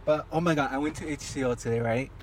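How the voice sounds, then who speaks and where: A man's voice: medium pitch, fast talker, a crowd in the background. A young man chatting casually as a podcast co-host, telling work stories with a lot of laughter and some swearing. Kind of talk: casual chat.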